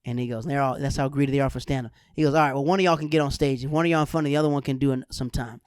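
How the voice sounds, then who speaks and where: A man from Florida hosting a podcast, telling lively anecdotes in casual chat and acting out the people in them. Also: mid-range voice, very fast, smooth, no echo, studio quality. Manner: animated anecdotes with lively voiced quotes. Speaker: podcast host.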